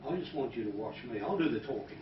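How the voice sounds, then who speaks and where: Calm male hypnotist in a roomy hall. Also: mid-range voice, fast talker. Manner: calm, soft-spoken, drops to a hush when guiding breathing. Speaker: hypnotist trainer. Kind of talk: live training demonstration. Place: training room with an audience. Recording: roomy, distant, dull recording with noise.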